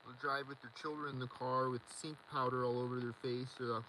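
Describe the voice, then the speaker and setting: A man's voice: mid-range voice, flat delivery, fairly quick, bright, forceful tone, slight background noise, rough recording. A man rambling in a solo video monologue, agitated and repetitive as he rants. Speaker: vlogger.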